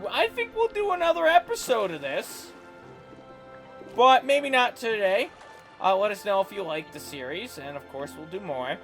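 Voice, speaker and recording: High, lively young man chatting over gameplay. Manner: playful, jokey storytelling. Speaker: co-host. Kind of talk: casual gaming chat.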